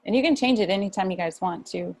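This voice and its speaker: A woman's voice: medium pitch, fast talker, darkish tone. A woman speaking as a guest on a video call, talking loosely and encouragingly with many fillers. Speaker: guest speaker on mental health. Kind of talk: casual video call talk.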